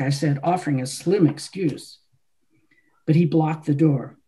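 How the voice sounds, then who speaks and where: Mellow-voiced woman author reading. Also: deep voice, unhurried. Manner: first-person literary narration. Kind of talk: reading her novel aloud.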